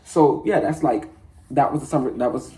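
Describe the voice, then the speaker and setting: A man's voice: medium pitch, moderate pace, warm tone. Slangy teenage guy telling a story. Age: teens. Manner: laid-back slangy storytelling, laughing at himself. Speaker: vlogger. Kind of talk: casual storytelling.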